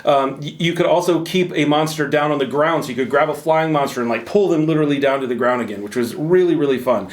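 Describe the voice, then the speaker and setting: A man's voice: a little high, fast, hardly any pauses. A man hosting a casual chat about a video game, rambling and joking at his own expense. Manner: jokey, rambling, self-deprecating banter. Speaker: host.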